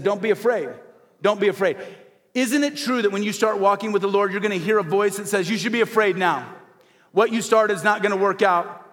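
A man with a fairly high voice preaches to his congregation, building emphatic refrains and calling for responses. His voice rings out with a long reverb from a church sanctuary. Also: a bit bright. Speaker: pastor. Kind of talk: sermon. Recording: hall reverb.

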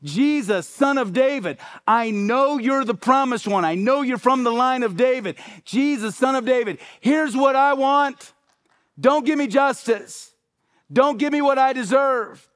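A man's voice: a little high, expressive, fast talker, dry recording, clean studio sound, voice pushed down, natural voice. A man preaching while voicing a desperate blind male beggar who pleads insistently and repeats his cry. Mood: pleading.

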